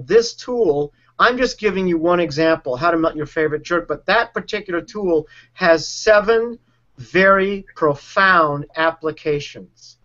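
A man's voice: high-pitched, fairly bright tone. A man coaching, earnestly explaining a technique and acting out quoted speech in a conversation. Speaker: relationship and sales coach. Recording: dull lo-fi sound.

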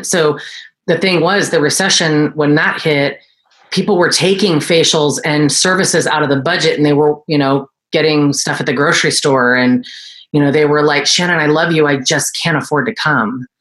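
A woman esthetician in her forties, telling her story in a casual interview and acting out quoted voices. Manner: animated, acts out quoted voices in a high pitch. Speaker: guest, esthetician and entrepreneur.

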